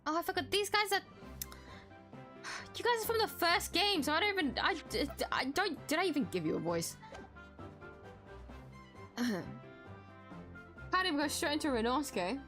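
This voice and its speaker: A woman's voice: sits high, very animated, a little slow, long pauses, bright, forceful tone, faint music behind. A young woman streamer chatting casually to viewers while playing a game, giggly and self-deprecating.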